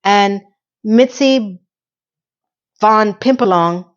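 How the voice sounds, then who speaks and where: A woman's voice: mid-range voice, drawn-out words, muffled recording. A woman recapping a TV episode, ranting with exasperated, incredulous rhetorical questions. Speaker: TV recap reviewer.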